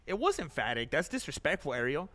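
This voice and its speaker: A male fighter answering questions in a post-fight interview, measured and matter-of-fact. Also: a little high, very animated, pushed and bright.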